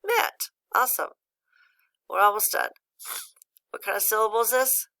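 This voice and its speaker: A woman's voice: medium pitch, steady tone, normal speed, gravelly, pushed and bright. A patient woman teaching a phonics lesson to a young child, praising often and guiding each word step by step. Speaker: reading teacher.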